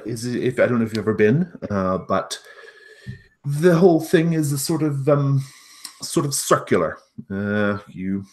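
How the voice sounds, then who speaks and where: A man's voice: on the low side, pitched above the performer's own voice. A man playing a flustered female innkeeper who rambles with many fillers and gives ominous warnings. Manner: rambling, full of fillers and restarts.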